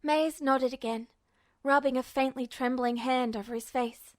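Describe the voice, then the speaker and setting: A woman reading fan fiction aloud as a podfic narrator, in a measured, steady way. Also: high voice, no echo, clean studio sound. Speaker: podfic reader.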